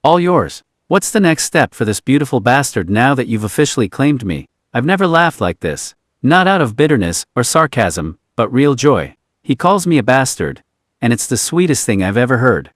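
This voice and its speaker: A man's voice: medium pitch, sing-song, normal speed, dry recording, clean studio sound. A man voicing a vulnerable young man who swears often and speaks with earnest emotion. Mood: tender.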